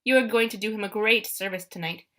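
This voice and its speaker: In an audiobook, a woman puts on a menacing male monster who sneers at children with stiff, formal menace. The voice is bright and pointed, and it swings through a wide pitch range. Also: fast talker, natural voice. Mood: taunting. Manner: cold, formal, mocking. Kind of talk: audiobook character voice.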